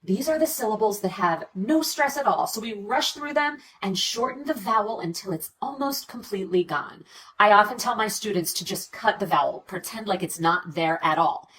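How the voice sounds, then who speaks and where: A woman's voice: mid-range voice, normal speed, a little hiss or hum. Teacher lady demoing pronunciation, voice goes way up and down, kinda far from the mic. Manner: lively, demonstrative, models words aloud. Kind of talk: teaching video.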